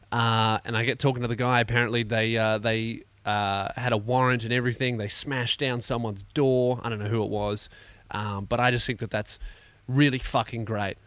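A man's voice: lowish voice, fairly bright tone, clean tone, dry recording. An Australian man hosting a comedy podcast, ranting sarcastically with lots of swearing while in pain from a neck injury. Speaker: podcast host.

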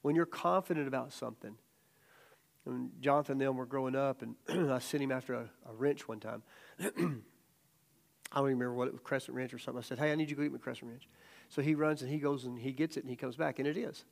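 Gravelly middle-aged man teaching a Bible study. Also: medium pitch, fast talker. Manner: animated storytelling, acts out quotes loudly. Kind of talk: casual sermon teaching.

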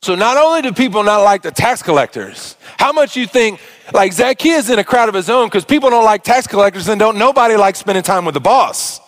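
A man preaching a sermon, retelling a Bible story in a conversational way, often dropping soft and low. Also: lively intonation, fairly quick.

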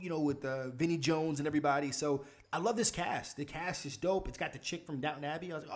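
A man's voice: a little high, quick pace. A man co-hosting a casual movie chat, enthusiastic and joking. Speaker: co-host.

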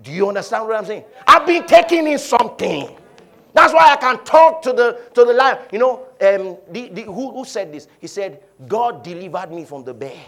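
A man preaching a sermon, shouting one moment and dropping low the next, leading his congregation to repeat phrases. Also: lively intonation, normal speed. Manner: preaching with swings from shouting to quiet, leading call-and-response. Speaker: pastor.

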